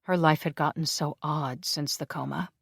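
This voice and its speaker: Even, measured romance audiobook narration. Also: mid-range voice, vocal fry, slightly rough, dry recording. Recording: dry close studio recording.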